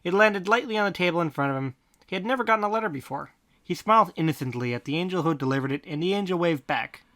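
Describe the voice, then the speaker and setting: A podcast host reading fan fiction aloud in a deadpan tone, breaking off for snarky comments. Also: mid-range voice, fast. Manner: deadpan reading broken by snarky asides and laughter. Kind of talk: comic fanfic reading with asides.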